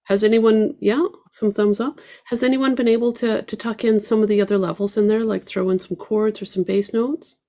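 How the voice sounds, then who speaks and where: A woman's voice: mid-range voice, steady tone, moderate pace, few pauses, dark tone. A woman teaching an online ukulele class, counting beats aloud and chatting with her students. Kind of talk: online group music lesson. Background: ukulele playing.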